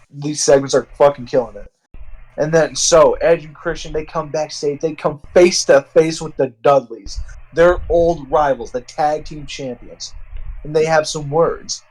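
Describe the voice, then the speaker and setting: A man narrating a wrestling management game in loose, rambling commentary. He swears often and gets excited at twists, with a voice a little higher than most men. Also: low-quality recording. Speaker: let's-play narrator.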